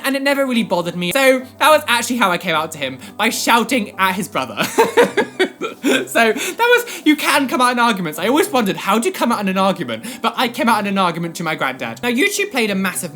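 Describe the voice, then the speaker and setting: A young man in his twenties, a vlogger telling a personal story in an animated, rambling way full of fillers. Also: high voice, fast talker, hardly any pauses.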